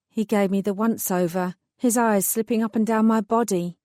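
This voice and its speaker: A woman narrating a first-person fantasy audiobook in a measured, wry way. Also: mid-range voice, warm tone, no echo, studio quality.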